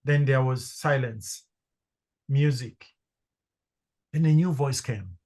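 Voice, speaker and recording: A middle-aged man from Zambia, a podcast guest telling a personal story with lively acted-out dialogue. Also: mid-range voice, takes it slowly. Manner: animated storyteller acting out quoted voices. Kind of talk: storytelling in conversation.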